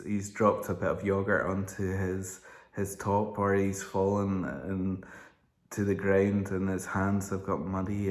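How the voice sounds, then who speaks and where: A man in his thirties, giving a calm devotional reflection in a slow, gentle way with small restarts. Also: fairly low pitch. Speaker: church member giving a devotional. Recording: roomy echo.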